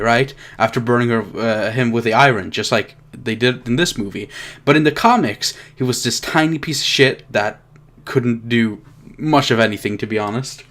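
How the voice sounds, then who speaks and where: A young man at home tears into a film he just saw, swearing hard and sounding exasperated. His voice sits in an ordinary middle pitch, and he drops into mocking impressions of the characters as he goes. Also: fairly bright tone. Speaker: movie reviewer. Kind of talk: ranting film review vlog.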